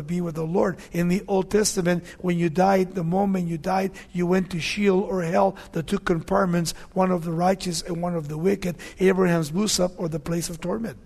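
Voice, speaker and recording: Man preaching a sermon, gravelly fry in the voice, conversational, asks "you see?". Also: sits high. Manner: conversational preaching, asks "you see?", swings between loud readings and soft asides. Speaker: pastor. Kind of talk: sermon, verse-by-verse Bible teaching.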